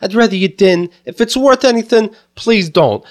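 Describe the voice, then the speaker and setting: A man's voice: high-pitched, lively intonation, moderate pace. A man co-hosting a casual podcast, ranting with a lot of swearing and frequent laughter. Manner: profane, ranting, laughs often. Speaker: podcast co-host.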